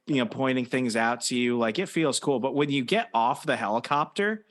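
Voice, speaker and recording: A man hosting a podcast in loose, casual conversation. His voice sits at an ordinary middle pitch, and he rambles through his stories with plenty of fillers and false starts. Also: animated, moderate pace. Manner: rambling storyteller, many fillers and restarts. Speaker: podcast host. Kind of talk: casual chat.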